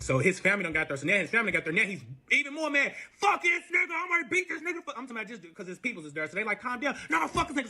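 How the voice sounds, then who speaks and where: A man retelling a messy relationship story in casual speech, animated and profane, acting out every quote. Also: high-pitched. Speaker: storyteller guest.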